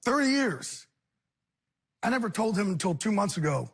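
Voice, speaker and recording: A man, a guest on a talk show, talking candidly and earnestly in intense rushing bursts. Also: high voice, big pitch swings, a bit bright, husky.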